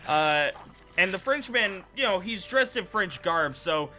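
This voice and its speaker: Bright-voiced rambling male streamer. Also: sits high, lively intonation, unhurried, soft background music. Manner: rambling, loose, self-correcting. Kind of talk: casual storytelling while gaming.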